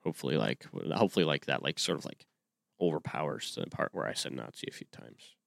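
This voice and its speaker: A man's voice: very deep voice, expressive, quick pace, gravelly, a bit bright, no room sound, studio quality. A man in his twenties hosting a solo podcast, talking casually in a rambling way with many restarts and fillers. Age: 20s. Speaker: podcast host.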